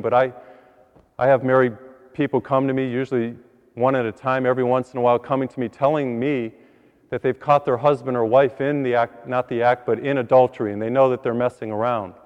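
A priest giving an earnest sermon, repeating words and building to higher emphasis on key points. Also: male voice, fairly even intonation, brisk, in a large hall, muffled recording. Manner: earnest, repeats words, rises in pitch when stressing a point.

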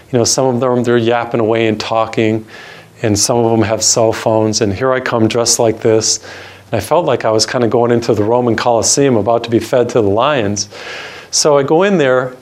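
An older man, a Catholic priest, telling a personal story in an earnest sermon and slowing down to stress key words. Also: mid-range voice, a little mellow.

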